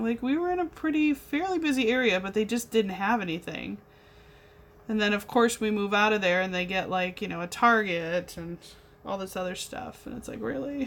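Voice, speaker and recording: A young adult woman with a mid-range, fairly bright voice hosts a craft livestream. She paints while chatting with her viewers in a bubbly, talkative way.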